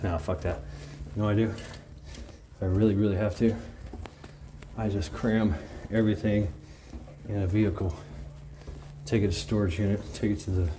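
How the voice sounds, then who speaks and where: Out of breath guy rambling to his viewers, slow drawl, lowish voice, noisy outdoor recording. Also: fairly even intonation. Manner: rambling, swears casually, talks to viewers. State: out of breath and sweaty. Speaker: vlogger. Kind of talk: casual vlog monologue. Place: outdoors, hot day, moving out of an apartment.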